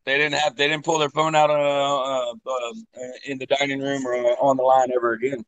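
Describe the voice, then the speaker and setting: A man, a chef and food safety trainer, talking casually in halting bursts full of fillers, blunt and quick to swear. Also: medium pitch, little pitch movement, fairly bright tone, clear, resonant tone, no room sound, poor audio. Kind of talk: casual podcast chat.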